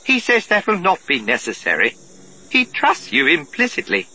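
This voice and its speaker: A man reading an audiobook voices a fussy, anxious male protocol droid with prim, overly formal speech and a breathy tone. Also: sits high, wildly swooping pitch, moderate pace, pushed and bright, pitched above the performer's own voice, full character voice. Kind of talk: audiobook narration.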